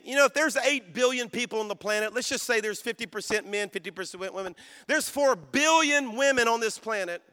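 A man preaching to a conference crowd, his high voice bright and forceful. He tells his story quietly and then builds to loud, rousing calls for praise. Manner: storytelling, dropping to soft voice then rising to shouts. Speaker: pastor. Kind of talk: sermon. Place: conference hall.

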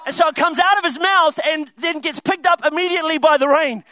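A young man preaching a comedic sermon, telling a story with laughs and quick asides. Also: extremely high pitch, sharp tone.

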